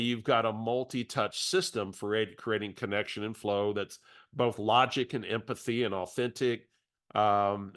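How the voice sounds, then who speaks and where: A middle-aged man coaches real estate agents in a webinar, telling an anecdote conversationally and repeating words as he restarts his phrases. His voice is medium-pitched and a bit bright.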